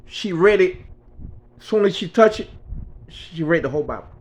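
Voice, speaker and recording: A man's voice: high-pitched, lively intonation, moderate pace. A man in his sixties, an author, telling a spiritual story in an earnest, conversational way. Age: 60s.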